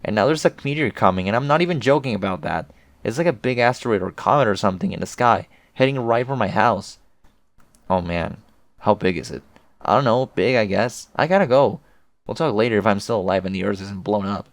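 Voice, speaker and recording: A man's voice: fairly low pitch, animated, fairly quick, dry recording. A man reading as a flustered teen boy. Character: flustered upbeat teenage boy chatting online.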